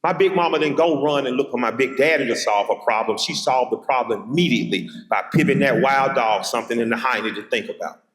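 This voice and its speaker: A middle-aged keynote speaker from Atlanta, Georgia, with a Southern accent addresses a large college hall, his medium-pitched voice moving fast. He uses emphatic, rhythmic repetition and vivid personal stories, and the hall is echoey with a long reverb.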